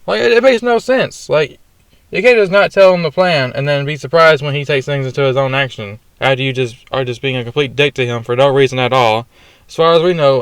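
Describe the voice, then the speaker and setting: A young man in a loose, ranting movie review, peppered with swearing and filler words. His voice is smooth and clear, and it is recorded dry and close with almost no room sound. He sits at a middling pitch for a man. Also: dry recording. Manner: ranting, profane, frequent fillers. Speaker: film reviewer. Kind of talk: casual spoken movie review.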